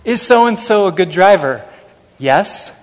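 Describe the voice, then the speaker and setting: A man with a fairly high voice preaches an earnest, measured sermon to a congregation. His voice carries a long reverb, as if from a church sanctuary. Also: lively intonation, very noisy. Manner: earnest, measured, anecdotal asides. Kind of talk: sermon with scripture reading.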